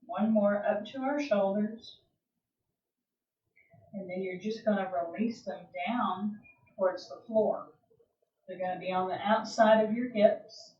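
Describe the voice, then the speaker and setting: A woman leads a yoga class in a calm, gentle voice, letting long pauses sit between her cues. She speaks very slowly and stays at an ordinary pitch. The sound is distant, roomy and a little dull, like a livestream picked up from across the room. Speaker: yoga instructor. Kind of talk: guided yoga class instruction. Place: home or studio room, livestream.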